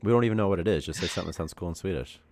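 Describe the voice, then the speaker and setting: A young programmer hosts a casual game development livestream, rambling, chatting and laughing often. His low voice races along with a slightly mellow quality.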